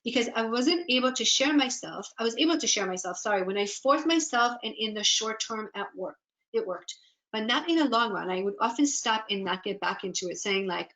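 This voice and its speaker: A woman's voice: on the high side, animated, brisk, a bit bright, low-quality recording. Encouraging woman coach in a webinar. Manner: earnest, encouraging, quoting inner doubts aloud. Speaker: business and life coach. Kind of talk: webinar workshop presentation.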